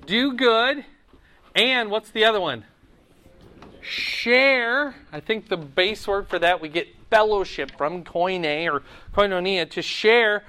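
A man's voice: sits high, slow. A man teaching a Bible class, asking the group questions and closing in prayer. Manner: asks the class questions, animated emphasis then quiet prayer.

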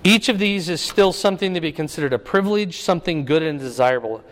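A man with a fairly high voice delivers a sermon, teaching casually and often asking his audience whether they follow. His voice carries a long reverb, as if he is recorded in a large hall. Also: expressive, quick pace, fairly bright tone. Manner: conversational teaching, asks the audience "right?". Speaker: preacher.

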